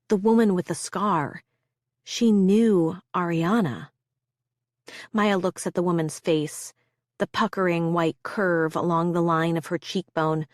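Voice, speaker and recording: A woman with a low voice narrates a scripted thriller audiobook in clean studio sound with no echo.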